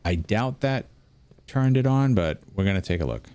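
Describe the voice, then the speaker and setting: A man's voice: lowish voice, animated, moderate pace, darkish tone, smooth, no echo. An American man chatting casually while playing a video game, rambling through stories and restarting his sentences. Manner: rambling, anecdotal, self-interrupting. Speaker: gameplay commentator.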